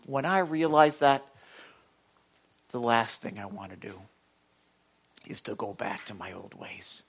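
A man's voice: fairly high pitch, expressive, unhurried. Folksy male preacher, checking in with listeners. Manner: swings between loud bursts and quiet asides. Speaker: pastor. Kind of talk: conversational sermon.

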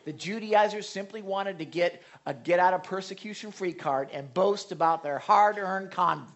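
A man with a fairly high voice preaching a Bible sermon. His delivery is casual and talky, with sudden lively bursts when he acts out what someone might say. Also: moderate pace, lo-fi sound. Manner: conversational, animated when acting out quotes. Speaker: pastor.

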